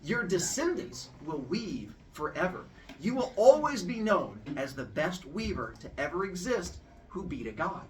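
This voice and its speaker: A man voicing a proud, bossy female goddess who is quick to anger, in a commanding, exaggerated way. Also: high-pitched, sing-song, recorded from a distance, pitched above the performer's own voice. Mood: solemn. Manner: commanding, exaggerated, breaks into shrieks.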